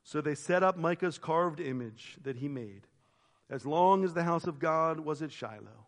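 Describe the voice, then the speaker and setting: A man preaching a sermon as pastor, retelling a story with expressive quoted voices and quiet reflective turns. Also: high voice, big-room sound. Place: church sanctuary.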